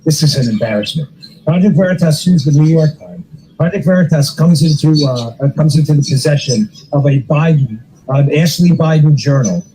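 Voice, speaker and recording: A man's voice: fairly high pitch, normal speed, mellow, a little hiss or hum, low-quality recording. Blunt, sarcastic male podcast host. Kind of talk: opinionated political commentary.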